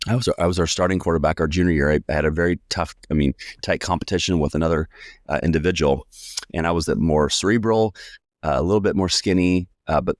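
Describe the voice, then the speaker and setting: This is a low-pitched American man in his forties, a sales coach being interviewed on a podcast. He tells a spirited personal story and acts out the voices of people he quotes, in clean studio sound without echo.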